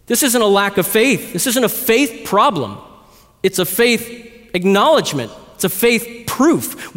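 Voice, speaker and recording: A man preaching a sermon as a pastor, emphatic, with dramatic slow phrases. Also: high voice, in a large hall.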